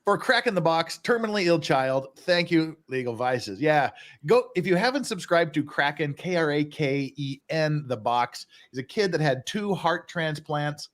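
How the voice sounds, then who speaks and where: A man's voice: a little high, lively intonation, moderate pace, a bit bright. Rambling male livestream host. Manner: rambling, reads super chats aloud. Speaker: show host. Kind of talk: casual livestream chat.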